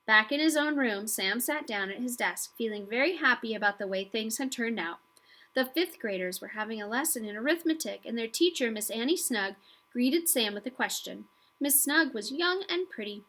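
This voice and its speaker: A woman narrates a children's storybook in a calm, even way. Her voice is bright and sits fairly high. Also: moderate pace. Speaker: audiobook reader.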